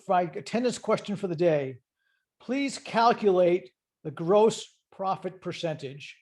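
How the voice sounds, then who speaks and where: A middle-aged accounting instructor lectures online, explaining things step by step in a conversational way and asking his students questions. His voice is high-pitched with a darkish tone.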